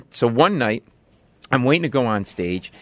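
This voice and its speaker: A man's voice: mid-range voice, unhurried, no echo. A middle-aged man telling a casual story, acting out voices as he goes. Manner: animated, acts out voices in his story.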